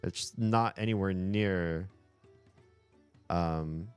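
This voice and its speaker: Deep-voiced male streamer chatting casually. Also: very slow, smooth, faint music behind. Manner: animated, chatty, frequent laughter and swearing. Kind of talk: casual livestream chat.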